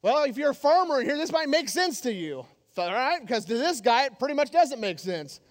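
A male pastor preaching a sermon in a church, animated, joking and emphatic. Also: very high voice, brisk. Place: church sanctuary. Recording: long hall reverb.

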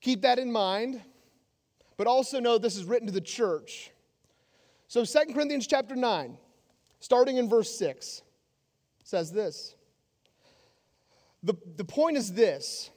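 A male pastor delivering an animated, joking sermon in a church, with a very high voice for a man. He presses his points with emphasis. A long hall reverb rings after his words. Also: measured pace, long pauses. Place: church sanctuary.

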